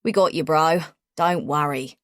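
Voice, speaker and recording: A brash, overconfident young Australian guide, as a woman reads him in an audiobook. He sounds breezy and self-assured, pitched a little low, in a dry, close recording. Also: a little slow, no echo. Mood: cocky.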